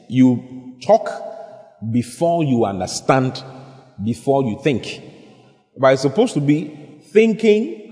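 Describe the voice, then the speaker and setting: A man's voice: medium pitch, a little mellow. Emphatic male preacher in a reverberant hall. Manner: emphatic, repeats phrases, rises sharply to stress points. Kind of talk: sermon.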